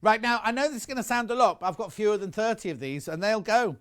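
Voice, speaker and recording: A man's voice: high voice, quick pace, a bit bright, clear, resonant tone. A man presenting on a live shopping channel, chatty and enthusiastic, rambling into personal asides between prices.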